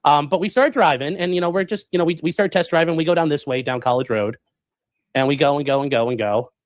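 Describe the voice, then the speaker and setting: A man streaming, telling a story to his chat in a rambling, animated way, full of fillers and acted-out quotes. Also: a little high, fast talker, dry recording. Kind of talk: casual storytelling to a live chat.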